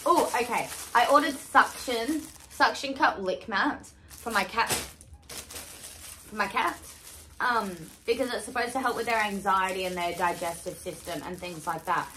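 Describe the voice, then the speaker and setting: A young woman in her twenties chatting casually through a haul unboxing, excitable, exclaiming and swearing freely. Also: medium pitch, moderate pace. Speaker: vlogger. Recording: echoey room with faint hiss.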